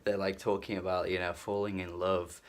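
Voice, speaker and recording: A man's voice: deep voice, flat delivery, moderate pace. A man giving a casual album review as an exasperated, mocking rant with swearing, often laughing in disbelief between phrases. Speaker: music reviewer.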